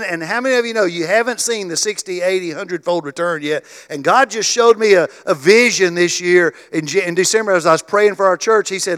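A middle-aged male pastor preaching a sermon in a voice a touch higher than most men's. He stumbles and repeats himself, then drives his points home with rising force. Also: fairly quick, few pauses, smooth. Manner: repeats words and restarts, builds to loud emphatic stretches. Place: church.

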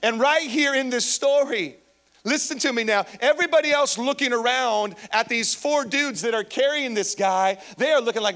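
High-voiced pastor preaching animatedly. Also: male voice, moderate pace. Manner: animated storytelling, calls out to the congregation. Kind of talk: sermon. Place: church, before a live congregation.

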